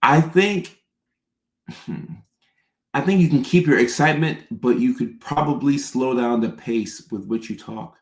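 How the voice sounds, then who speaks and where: A man's voice: medium pitch, a little slow, roomy sound. A man hosting a casual livestream, chatting as he reads out viewer questions and answers them.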